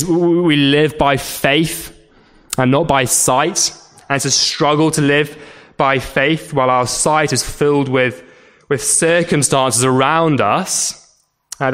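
A man's voice: fairly high pitch, a bit bright. A man preaching a sermon in an earnest way, often repeating and stumbling over words and asking rhetorical questions.

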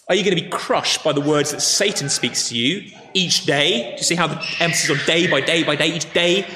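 A man with a fairly high voice preaches earnestly, hammering his points with repeated words. His voice rings through a large, echoey church hall. A faint hum of noise sits underneath. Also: a bit bright. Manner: earnest, emphatic repetition. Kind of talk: sermon with closing prayer.

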